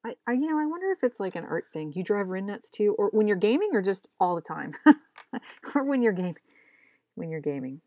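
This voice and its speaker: A woman's voice: mid-range voice, sing-song, brisk, mellow, no room sound, studio quality. A young adult woman chatting casually while she draws comics, rambling, mocking herself and talking to herself as she works. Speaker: comic artist vlogger. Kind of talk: casual chat while drawing.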